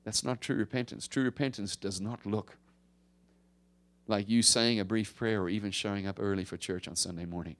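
A male pastor preaching a conversational sermon, swinging from emphatic rises to hushed drops. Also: lowish voice, steady tone, moderate pace.

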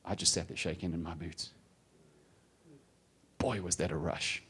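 A man preaching a sermon, telling his own story with lively storytelling and acted-out voices. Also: low-pitched, unhurried, background noise. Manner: animated storytelling, acts out voices. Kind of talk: sermon testimony.

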